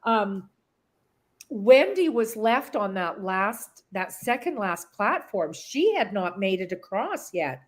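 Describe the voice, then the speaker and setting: A middle-aged woman speaks as a guest, easing through a dramatic memory at an unhurried pace. She rambles, restarts and comes back to points. Her voice sits in a mid register. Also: medium pitch, sing-song. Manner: rambling, full of restarts, emotional retelling. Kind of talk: personal story in an interview.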